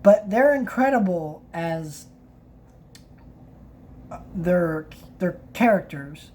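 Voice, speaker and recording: A woman with a lowish, mellow voice reads passages from a book aloud and comments on them in a casual review. She often stops and restarts mid-sentence. A faint hum sits under the recording. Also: expressive. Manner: halting, many restarts and fillers.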